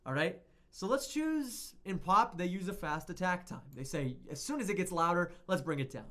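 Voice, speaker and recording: A man's voice: high voice, lively intonation, normal speed, bright, forceful tone. A man giving a casual, rambling lesson on music production, often correcting himself as he goes. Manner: chatty, rambling, self-correcting.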